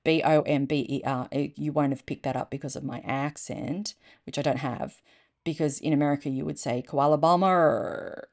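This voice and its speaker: A woman's voice: rumbling low, fairly even intonation, a little fast, darkish tone. A middle-aged Australian woman telling funny short stories in a chatty, rambling way, stopping to explain local words. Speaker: storyteller. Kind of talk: casual storytelling reading.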